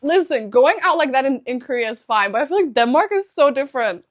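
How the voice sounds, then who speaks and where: Chatty young woman streamer, higher voice. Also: expressive, a little fast. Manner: chatty, laughs often, thanks viewers for subs. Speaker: live streamer. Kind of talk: casual chat with stream viewers.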